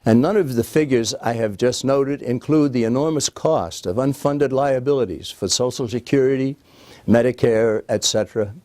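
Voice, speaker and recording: Male narrator from the United States, mid-pitched, earnest and emphatic lecturing read, dry close voice-over. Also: moderate pace, darkish tone, dry recording. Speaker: political speaker and narrator. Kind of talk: scripted documentary narration.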